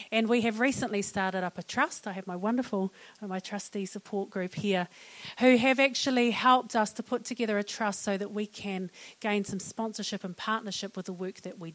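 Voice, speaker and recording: A middle-aged woman with a New Zealand accent giving a humorous, chatty public talk on mental wellness to an audience. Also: medium pitch. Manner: humorous and chatty, laughing at her own jokes.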